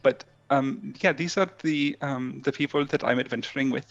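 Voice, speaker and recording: A man's voice: mid-range voice, steady tone, normal speed, creaky, dull audio, faint music behind. A man playing a tabletop game, speaking in character in a hesitant way with many ums. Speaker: player. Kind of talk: in-character tabletop role-play.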